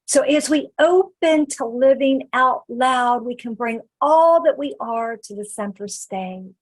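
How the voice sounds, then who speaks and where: Woman minister, sermon, high voice, unhurried emphatic delivery. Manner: slow, emphatic preaching with drawn-out phrases. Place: church sanctuary.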